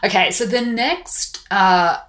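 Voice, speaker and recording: A woman's voice: mid-range voice, slow, a bit bright. A woman with an Australian accent hosting a podcast, giving casual skincare advice in a chatty, informal way. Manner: chatty and informal, explains plainly with easy laughs. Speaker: podcast host.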